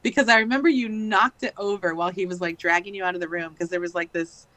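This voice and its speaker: A woman's voice: fairly low pitch, fairly even intonation, fast talker, bright, forceful tone, no room sound. A woman in her thirties, a podcast guest, telling a long story in a chatty way full of fillers. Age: 30s. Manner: chatty, many fillers and likes. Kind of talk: casual storytelling.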